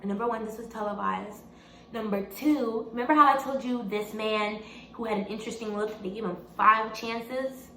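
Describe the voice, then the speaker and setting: A young woman telling a storytime testimony in an animated way, repeating phrases and rising into exclamations. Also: fairly high pitch, moderate pace. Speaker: vlogger. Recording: echoey room, faint background hum.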